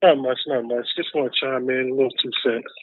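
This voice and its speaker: A man calling in to a talk show, speaking in a measured, thoughtful way. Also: mid-range voice, steady tone, no echo. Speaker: caller. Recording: tinny phone line.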